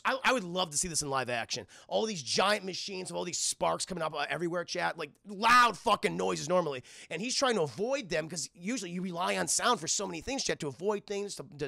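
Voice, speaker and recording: A man recapping a cartoon episode to his live chat, excitable and heavily profane. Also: high voice, vocal fry, dry recording, clean studio sound. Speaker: streamer and cartoon reviewer.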